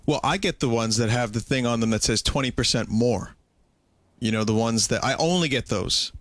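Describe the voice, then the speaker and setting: A man's voice: medium pitch, normal speed, fairly bright tone, dry recording. A man hosting a podcast, talking in a dry, ironic, mock-serious way. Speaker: streamer and podcast host. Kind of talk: sarcastic comedic chat.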